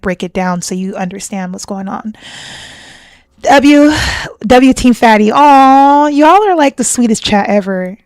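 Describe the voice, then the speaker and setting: A woman's voice: mid-range voice, smooth, no echo, clean studio sound. A young woman chatting casually with her live stream chat, gushing and laughing often.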